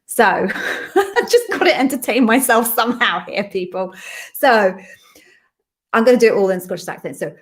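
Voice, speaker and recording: A woman from the UK hosting a live Q&A stream from her home office, chatty and quick with self-amused asides. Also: a little high, animated. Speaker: host and interview coach. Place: echoey home office being redecorated.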